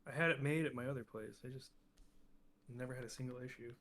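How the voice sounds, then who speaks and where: A man's voice: mid-range voice, steady tone, a bit bright. A young man co-hosting a casual podcast chat, ranting with exasperation and speeding up as he gets heated. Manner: ranting, exasperated, fast bursts when heated. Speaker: podcast co-host.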